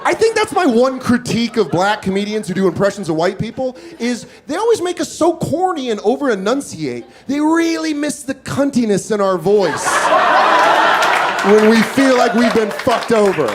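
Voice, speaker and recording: A man telling a story on a comedy stage. His voice sits high for a man and swings widely in pitch. The delivery is animated and profane, and loud audience laughter rolls in behind him. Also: normal speed, noisy background. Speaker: stand-up comedian. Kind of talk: stand-up storytelling.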